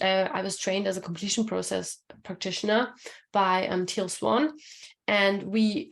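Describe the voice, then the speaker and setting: A woman's voice: medium pitch, gravelly. A woman coaching on relationships in a casual, chatty webinar, with many fillers as she talks to her audience. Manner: casual and chatty, many fillers, reads chat comments aloud. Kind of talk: live webinar talk.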